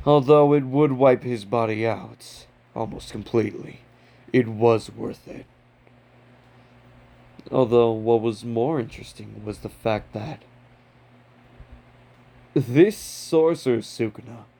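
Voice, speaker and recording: A man's voice: mid-range voice, slow, vocal fry, pauses often, mellow. A man casually narrating a fan-made story, off the cuff and loose. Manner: casual, off-the-cuff, occasional swearing.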